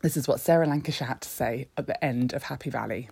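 A woman's voice: very deep voice, fast talker, vocal fry, few pauses, darkish tone, husky, no echo. A woman co-hosting a podcast, playful and self-deprecating as she speaks to listeners. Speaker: podcast co-host. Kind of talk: casual podcast chat. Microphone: remote recording setup.

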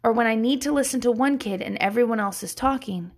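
A woman's voice: a little high, fast talker, a little mellow. A woman, a mother of young kids, giving a candid, casual self-help talk, swearing freely and laughing often.

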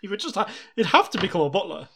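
A man's voice: high-pitched, sing-song, fairly bright tone, husky. A man co-hosting a podcast, chatting casually with a playful, giggly manner. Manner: giggly, playful, quick jokes. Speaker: podcast co-host. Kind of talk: casual chat.

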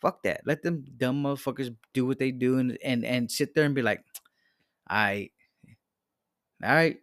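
A man's voice: mid-range voice, steady tone, fairly quick, dry recording, studio quality. A man co-hosting a podcast, talking casually and rambling with many restarts and constant swearing. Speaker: podcast co-host. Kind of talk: casual profane chat.

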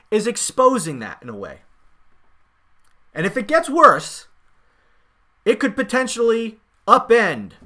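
A man hosting a political podcast, talking in a sarcastic, emphatic monologue with swings in loudness. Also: high voice. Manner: sarcastic, mocking paraphrases of others; emphatic, rising and falling loudness. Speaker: podcast host.

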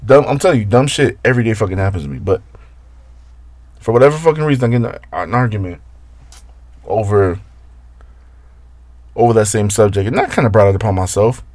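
A man telling a story in a casual, profane rant, exasperated, with his voice jumping up and down in pitch. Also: fairly quick, pauses often, a little mellow, dry recording.

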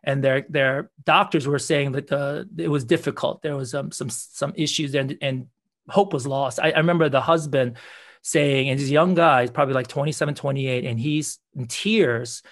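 A man's voice: medium pitch, moderate pace. Earnest man telling faith stories. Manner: earnest, repeats words, acts out quoted dialogue. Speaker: pastor. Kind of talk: testimony storytelling in conversation.

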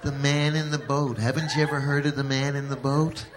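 A man voicing his wife as a frank, patient woman explaining things calmly, in a stand-up routine. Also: medium pitch, a little fast, a crowd in the background, close to an everyday voice. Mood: instructive.

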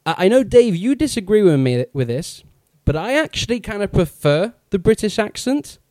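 A man with a slightly raised pitch talking through a film in a casual review chat, enthusiastic and often breaking into laughter. His voice sits close and dry, with no room sound around it. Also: big pitch swings, moderate pace, mellow, dry recording. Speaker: podcast co-host.

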